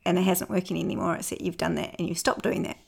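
A woman's voice: lowish voice, quick pace, creaky, slightly rough. A chatty woman co-hosting a podcast, telling stories freely and laughing easily. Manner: chatty, lively storyteller who laughs easily. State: recovering from illness. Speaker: podcast co-host. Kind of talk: casual chat.

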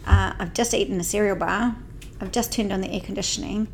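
A woman's voice: mid-range voice, steady tone, fairly quick, slight background noise. A woman co-hosting a podcast in casual chat. She is chatty and self-mocking, and she laughs often while in neck and shoulder pain. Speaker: podcast co-host.

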